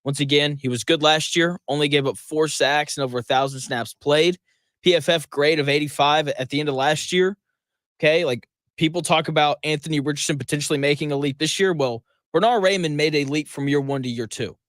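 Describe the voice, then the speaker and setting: A man's voice: on the high side, fairly quick, fairly bright tone, dry recording. Emphatic sports radio host, man. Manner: emphatic and conversational, with frequent "okay, like" asides. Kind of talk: sports talk radio monologue.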